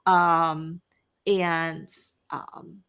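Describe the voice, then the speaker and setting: A woman author telling funny family stories in a lively way and laughing often, as a guest on a video call. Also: low-pitched, very slow, clear, resonant tone. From Upper Midwest United States. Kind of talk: casual storytelling.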